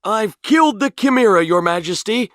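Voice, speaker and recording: Female reader as a brash young hero prince, lively and a touch high, dry close sound. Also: normal speed, no echo, close to an everyday voice. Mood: eager. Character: brave young male prince, bold and proud.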